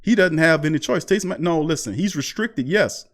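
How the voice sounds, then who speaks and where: A man's voice: a little high, animated, moderate pace, a bit bright. A man hosting a live sports talk stream, heated and repeating rhetorical questions to his chat. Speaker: sports show host.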